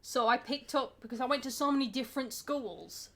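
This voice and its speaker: A woman's voice: sits high, fairly quick, bright, forceful tone, a little hiss or hum. A woman with a Yorkshire accent, talking casually on a podcast, chatty and laughing often, with the odd swear word. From Yorkshire, England. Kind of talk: casual chat.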